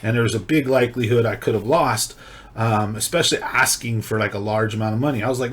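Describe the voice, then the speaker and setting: Man excitedly telling his story. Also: on the low side, fast, breathy edge. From California. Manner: animated, excitable retelling. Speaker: video host. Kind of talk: casual storytelling.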